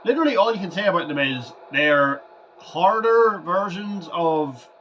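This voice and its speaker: A man chats over his gameplay in a loose, rambling way, tripping over and repeating his words as he goes. His voice sits fairly high. The recording sounds dull and lo-fi, with a clear hiss of noise underneath. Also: lively intonation, moderate pace. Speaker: gaming vlogger.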